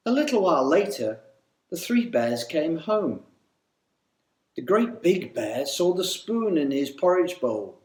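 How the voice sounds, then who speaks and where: Man reading a kids story, slow and lively, echoey room. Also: fairly high pitch. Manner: slow, animated, sing-song.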